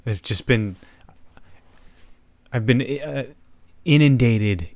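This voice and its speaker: A man's voice: medium pitch, slow pace, a little mellow, dry recording. A man and father co-hosting a casual comedic podcast, tossing out dry, sarcastic quips. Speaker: podcast co-host.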